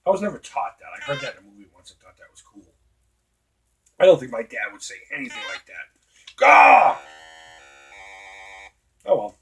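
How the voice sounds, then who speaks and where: A man's voice: medium pitch, sing-song, fairly quick, darkish tone, faint music behind. A middle-aged man from Boston with a Boston accent, telling a long profane story while playing a retro video game, full of fillers and asides. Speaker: retro gaming host. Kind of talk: casual gameplay commentary.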